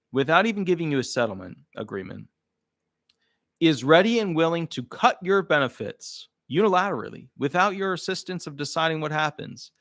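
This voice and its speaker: Indignant male commentator, lively pitch, slightly high voice. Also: no echo, studio quality. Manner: indignant, animated. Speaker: disability lawyer. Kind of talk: casual commentary to camera.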